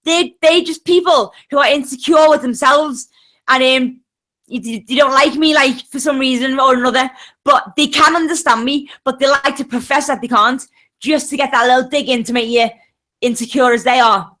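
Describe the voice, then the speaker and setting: A woman with a Liverpool accent chats away bluntly on a video call and swears freely. Her voice is high, and its tone is bright and forceful. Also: steady tone, moderate pace. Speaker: panelist in a group video chat. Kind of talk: casual chat.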